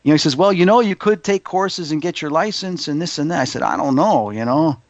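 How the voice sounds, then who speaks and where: A man telling stories in casual interview chat, his voice a bit high and bright in pitch. He slips into even higher tones when he acts out what others said. The audio is dry and slightly muffled. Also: fairly quick, no echo. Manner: animated storyteller, acts out quotes in a higher voice. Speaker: psychic medium guest.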